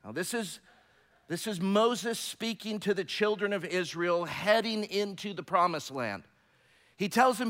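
High, bright-voiced preacher in a reverberant hall. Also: male voice. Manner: preaching with rising emphasis, slows words for stress. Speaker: pastor. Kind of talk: sermon. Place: church sanctuary.

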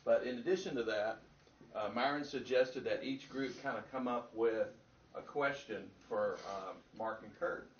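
A man facilitating a group meeting, giving relaxed, practical instructions with many fillers. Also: mid-range voice, moderate pace. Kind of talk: announcements to a group. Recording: distant, roomy, lo-fi with noise.

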